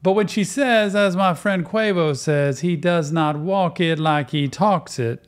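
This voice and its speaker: A man's voice: fairly high pitch, unhurried. A man hosting a reaction video, talking earnestly and conversationally about a clip. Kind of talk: reaction commentary.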